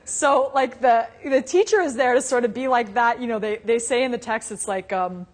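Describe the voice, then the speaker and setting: In a dharma talk for a live meditation class, a woman with a somewhat high voice speaks at a normal pace. It's relaxed, chatty storytelling: lots of asides and "you know"s, with light laughter coming up again and again.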